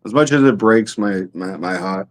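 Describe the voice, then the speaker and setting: A man with a fairly low voice talks through weekly football picks in an easy, casual way. He swears freely and trades jokes with his co-host. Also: moderate pace. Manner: profane, joking banter. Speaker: podcast co-host. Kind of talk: casual sports picks chat.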